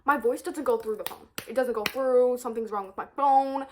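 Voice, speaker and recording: A teenage girl, a high school student, telling a storytime vlog in an exasperated, animated rant, repeating herself and swearing. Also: moderate pace. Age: teens. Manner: exasperated, animated ranting with frequent swearing and repetition.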